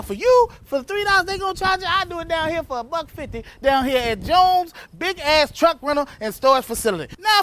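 A man doing a drunk, rambling truck-rental owner in a comedy radio ad. The voice is high and swoops all over, with folksy slang thrown in. Faint noise hums underneath. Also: sharp tone, heavily acted.

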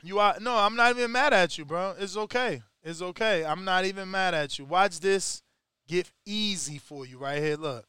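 A man hosting a casual podcast, talking with animated, slang-heavy, profane energy. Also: sits high, normal speed, smooth, no room sound, studio quality. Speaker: podcast host.

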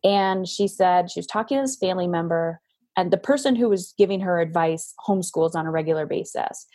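Husky-voiced woman guest, frank and animated storyteller, coaching parents over a video call. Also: on the low side, a little fast. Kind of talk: casual interview talk.

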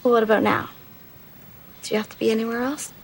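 A teasing seductress. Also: female voice, level tone, fast, vocal fry, slightly rough. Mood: seductive. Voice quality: teasing, low-key seductive. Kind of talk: film dialogue.

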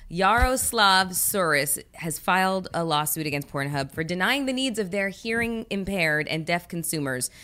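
A woman with a fairly low voice co-hosts a casual talk show. She reads out the news items and adds wry questions. Her tone stays light and conversational. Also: expressive, normal speed, hardly any pauses, bright, forceful tone. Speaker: co-host reading the news items. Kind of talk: casual chat with news reading.

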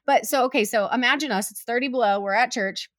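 A woman's voice: fairly high pitch, fast talker, a bit bright, dry recording, studio quality. A young adult woman telling a personal story in casual chat, with lots of "like" fillers and acted-out quotes.

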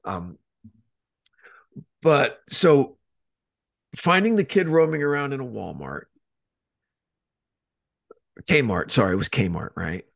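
A man of middle pitch talks loosely on a podcast, circling back and restarting as he goes. He swears freely, and his delivery stays casual and unpolished. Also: sing-song, slow pace, creaky, pauses often. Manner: rambling, swears a lot, many restarts. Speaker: podcast co-host. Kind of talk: casual chat.

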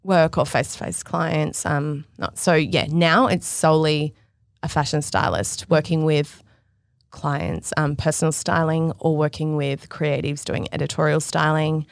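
A woman in her thirties tells lively stories about her home life and acts out the people she quotes. Her voice sits fairly low for a woman. The sound is dry and close, with no room around it. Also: measured pace, vocal fry, no room sound. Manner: animated storyteller acting out quotes. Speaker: guest, fashion stylist. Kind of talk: casual podcast chat.

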